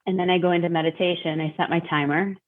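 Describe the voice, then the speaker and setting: Earnest woman, low voice, tinny sound. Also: level tone, quick pace. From Detroit. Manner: earnest, repeats words, quotes her own thoughts. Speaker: guest. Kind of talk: candid recovery interview.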